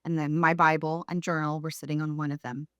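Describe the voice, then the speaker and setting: A woman in her thirties telling her faith story on a podcast, candid and quick to laugh. Her voice sits a little low, and the sound is dry and close. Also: flat delivery, no room sound. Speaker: podcast guest. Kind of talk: personal faith testimony.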